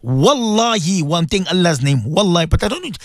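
A man's voice: sits high, very animated, fairly quick, dry recording, studio quality. A man giving an impassioned radio sermon, repeating himself and calling out to his listeners. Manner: fervent, repetitive, calls out to listeners. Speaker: radio religious teacher.

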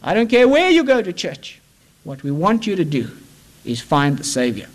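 Impassioned male preacher, high-set voice. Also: rough recording. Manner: impassioned, swings between loud urging and hushed pleading. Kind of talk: sermon.

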